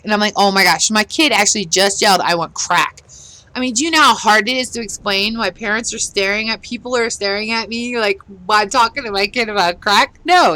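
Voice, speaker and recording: A middle-aged woman vents her exasperation in a blunt, casual rant while she plays a game for her vlog. Her voice is bright and forceful, and she talks with a sharp edge. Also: mid-range voice, low-quality recording. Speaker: gaming vlogger.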